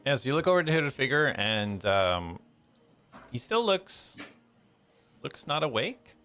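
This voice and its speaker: A man narrating a tabletop game as game master, relaxed, with many ums and uhs. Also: mid-range voice, unhurried.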